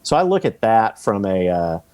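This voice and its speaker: A man as a podcast guest, explaining rental investing in a relaxed way with examples and acted-out quotes. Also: fairly low pitch, moderate pace. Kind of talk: casual interview talk.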